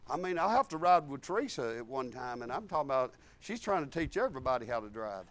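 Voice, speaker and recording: A man preaching a sermon in a folksy, animated storytelling way. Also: mid-range voice, fast.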